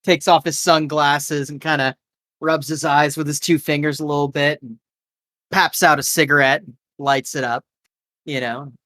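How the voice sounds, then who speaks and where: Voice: mid-range voice, level tone, moderate pace, a bit bright, no echo, studio quality. A game master narrating a live tabletop game in a loose, improvised way with many fillers and restarts.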